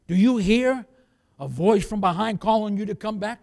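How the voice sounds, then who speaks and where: A man preaching a sermon as pastor, swinging from loud exhortation down to near-whispers, with many calls of "beloved" and "Amen?". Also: high voice, normal speed, vocal fry, in a large hall. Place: church sanctuary.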